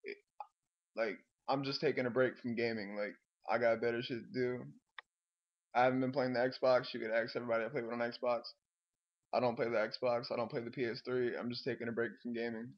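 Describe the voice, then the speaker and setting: A young man vlogging in a rambling, boastful, profane monologue, with a low, mellow voice. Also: dull audio.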